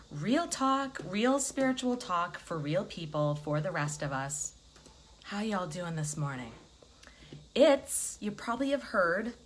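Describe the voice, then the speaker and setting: A woman in her forties chatting casually to viewers as a spiritual life coach, animated and playful, greeting people by name and swearing freely. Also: mid-range voice. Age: 40s. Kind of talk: casual livestream chat.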